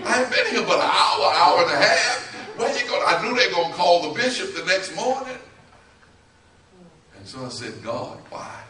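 A man preaching a storytelling sermon, who acts out the voices in his story and swings between loud and soft. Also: sits high, sing-song, a little fast, hardly any pauses, distant mic. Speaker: bishop preaching. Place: church sanctuary. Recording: echoey church from off-mic.

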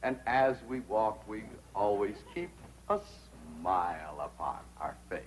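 Pompous dandy, sing-songy and flowery, voice bouncing all over. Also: male voice, on the low side, lively intonation, unhurried, slight background noise, rough recording. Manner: grandiose, florid, sing-song elocution. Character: pompous foppish young man, theatrical. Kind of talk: 1960s sitcom acting.

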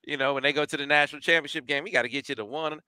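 A man's voice: a little high, fairly even intonation, rapid-fire, bright, forceful tone, no room sound. A man hosting a sports talk show, asking questions in a joking, easygoing way. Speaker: show host. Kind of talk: casual interview chat.

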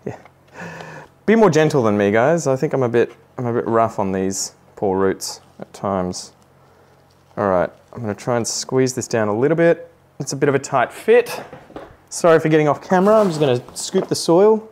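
In an animated, mid-range voice with a darkish tone and moderate pace, an Australian plant vlogger narrates how he repots a plant. He keeps it relaxed, cracks jokes on the side, and pokes fun at himself.

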